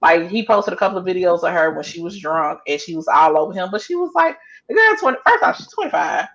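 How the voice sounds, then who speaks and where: A woman's voice: lowish voice, very animated, fast, a bit bright, dull audio. A woman co-hosting a podcast, chatting casually and telling stories bluntly with plenty of swearing. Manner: blunt, profane storytelling. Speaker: podcast co-host. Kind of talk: casual chat.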